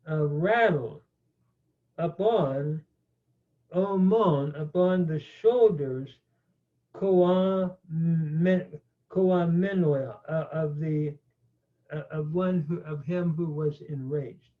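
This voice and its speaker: Slow-talking guy with a kinda high voice, lecturing, lots of uhs, tinny phone-ish audio. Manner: slow, halting, many "uh" fillers. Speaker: teacher. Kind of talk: grammar lecture.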